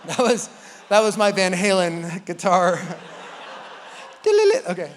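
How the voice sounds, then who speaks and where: A man with a very high, bright, sharp-edged voice preaches to his church, animated and quick to joke as he acts out the voices in people's heads. His words ring out with a long hall reverb. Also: a little hiss or hum. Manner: animated and joking, acting out inner voices. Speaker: pastor. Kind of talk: sermon.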